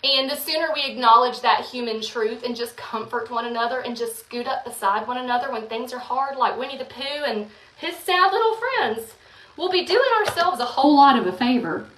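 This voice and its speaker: A woman talks candidly in a casual confessional vlog, in a voice pitched a touch high. She sits back from the mic, and the room rings around her words. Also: brisk, fairly bright tone. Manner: candid, frank, earnest. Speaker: online content creator. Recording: roomy, some distance from the mic.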